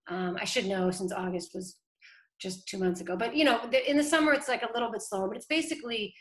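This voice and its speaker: Middle-aged boston woman, comms director, chatty, tons of "like" and "you know". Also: medium pitch. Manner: chatty, many "like" and "you know" fillers, quick laughs. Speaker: city council communications director. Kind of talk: casual interview talk.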